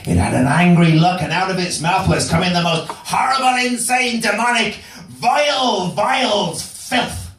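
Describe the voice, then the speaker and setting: A man voicing a country minicab driver with a put-on English country accent, telling a spooky tale in hushed tones. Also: on the high side, brisk, vocal fry, hardly any pauses, a crowd in the background. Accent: generic English country accent, put on. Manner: hushed spooky whispering at times. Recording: roomy distant pub mic with noise.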